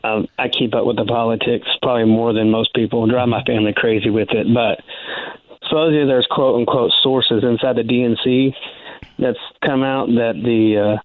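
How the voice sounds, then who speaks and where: A male caller speaks hesitantly into a radio show, pausing on fillers. His voice comes through a tinny, dry phone line. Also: mid-range voice, fairly even intonation, no room sound. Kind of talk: call-in radio.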